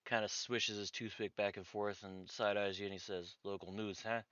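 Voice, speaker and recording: Low crisp game master. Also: male voice, steady tone, normal speed, bright, forceful tone, no room sound, highs cut off. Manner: loose, rambling description. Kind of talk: narrating a tabletop game.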